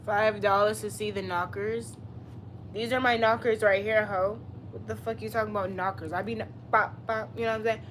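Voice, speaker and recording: A woman's voice: mid-range voice, steady tone, fairly quick, fairly bright tone, slight background noise. A woman in her twenties chatting casually on a live stream, answering viewers with blunt, profane, sassy comebacks. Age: 20s. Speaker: livestreamer.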